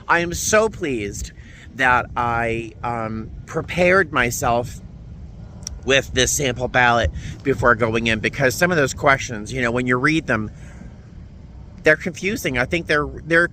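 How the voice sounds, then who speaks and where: A man's voice: medium pitch, bright, forceful tone, slight background noise. Emotional man vlogging from his car. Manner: emotional, halting, many restarts. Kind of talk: casual vlog to camera. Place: in a parked car.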